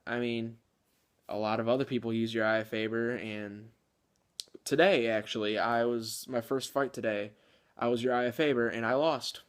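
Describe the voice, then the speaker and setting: A man's voice: medium pitch, fairly even intonation, normal speed, clear, resonant tone. A man hosting a gaming channel, chatting casually with lots of filler words and the odd chuckle. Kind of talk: casual video game commentary.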